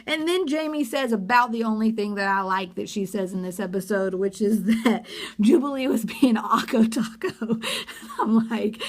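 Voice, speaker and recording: A woman's voice: mid-range voice, expressive, unhurried. A woman giving a sarcastic, gossipy recap of a reality TV episode in a casual vlog. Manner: sarcastic, gossipy, acts out quotes.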